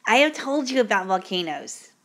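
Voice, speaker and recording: A woman voicing a clumsy young male student who reads out his essay endings in a flat, plodding way. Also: medium pitch, normal speed.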